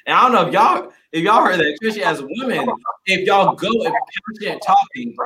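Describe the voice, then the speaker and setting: Passionate male discussion participant, fairly high-pitched, very animated delivery. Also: brisk, noisy background. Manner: passionate, emphatic, rhetorical questions. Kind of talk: group discussion.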